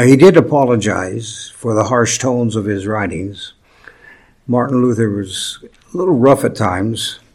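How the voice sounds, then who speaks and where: Slow, deliberate preaching man. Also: mid-range voice, a little mellow. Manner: slow, deliberate preaching with emphatic pauses and light humor. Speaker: pastor. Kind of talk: sermon.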